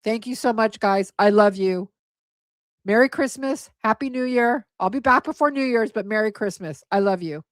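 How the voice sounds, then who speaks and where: Tired hoarse woman rambling on her livestream, emotional and gushy, dry close mic. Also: fairly high pitch, normal speed, dry recording. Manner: emotional, gushing, stumbles over names. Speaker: livestream host. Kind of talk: casual livestream chat thanking donors.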